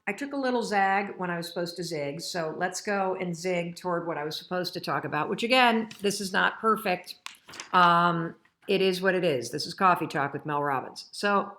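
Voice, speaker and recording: A middle-aged woman hosts a casual live stream, speaking frankly and motivationally until she becomes emotional, choked up, and tearful. Her voice is fairly low in pitch with a fairly bright tone.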